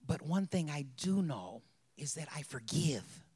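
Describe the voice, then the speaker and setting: Woman, bereaved mother, husky voice, emotional personal testimony with soft whispered stretches. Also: low-pitched, big pitch swings, measured pace. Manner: emotional, drops to soft whispers, breaks into laughs.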